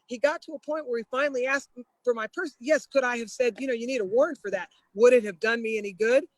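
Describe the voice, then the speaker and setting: A woman guest telling a story in a casual, lively way, laughing often and slipping into the voices of the people she quotes. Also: fairly high pitch, fast, no room sound, low-quality recording.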